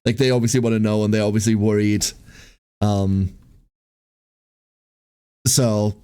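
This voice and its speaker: A man's voice: lowish voice, fairly even intonation, a little slow, long pauses, dark tone, clear, resonant tone. Rambling young man streamer, swearing casually. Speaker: livestreamer. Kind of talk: casual venting chat with viewers.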